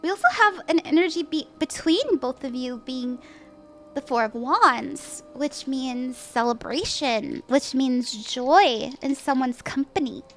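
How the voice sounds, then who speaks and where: Woman, high voice, tarot reader on a livestream, casual and chatty, laughs often, faint music behind. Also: expressive, unhurried. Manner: chatty, upbeat, full of "like" and "you know", laughs often. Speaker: tarot reader and stream host.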